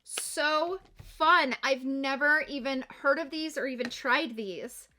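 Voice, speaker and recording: A woman's voice: high-pitched, slow, bright, forceful tone, a little hiss or hum. A young adult woman, a beauty vlogger, chatting through a makeup unboxing and gushing with gasps and exclamations. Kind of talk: excited unboxing chat.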